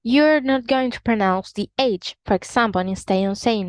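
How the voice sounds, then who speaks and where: A woman teaching an online English lesson, explaining carefully and slowly modelling pronunciations. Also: mid-range voice, no room sound.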